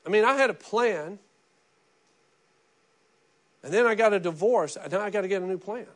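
A middle-aged man preaching with a high, light voice. He talks in a loose, conversational style, restarting phrases and dropping into little acted quotes as he goes. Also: normal speed, a bit bright. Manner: repeats words and restarts often. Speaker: pastor. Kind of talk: sermon.

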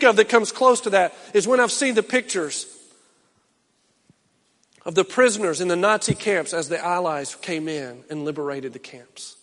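In a large hall, a middle-aged male pastor preaches a sermon at normal speed. He swings from loud, impassioned calls to low, quiet urging.

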